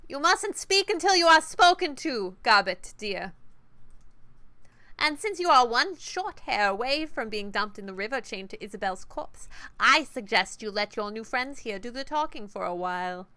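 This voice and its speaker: A woman's voice: a little high, expressive, normal speed, bright, forceful tone, no room sound. A woman voicing a menacing middle-aged female triad boss, with a sweet, nasal, grinding British voice.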